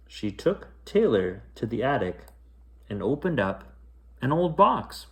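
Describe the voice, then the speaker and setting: A man reads a children's picture book aloud at bedtime in an expressive way. He takes his time with each line, and his pitch rises and falls freely. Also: a little slow. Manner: expressive, lilting. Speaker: storyteller. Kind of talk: bedtime story read-aloud.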